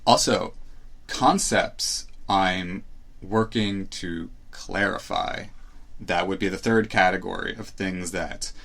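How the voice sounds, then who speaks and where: A man's voice: deep voice, slow pace, gravelly, a bit bright. A man hosting a solo podcast, talking casually in a rambling, hesitant, self-reflective way. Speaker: podcast host. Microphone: live stream setup.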